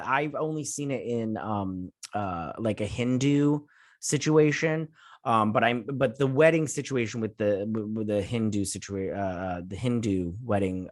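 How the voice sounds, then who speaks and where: A man's voice: medium pitch, no echo, studio quality. Rambling man recapping a show. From United States. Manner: rambling, many fillers and restarts. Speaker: host. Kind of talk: casual episode recap.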